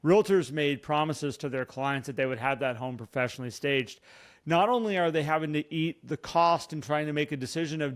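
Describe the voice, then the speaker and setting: Male podcast co-host, real estate coach, earnest and animated, slightly higher voice. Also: brisk. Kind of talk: casual podcast chat.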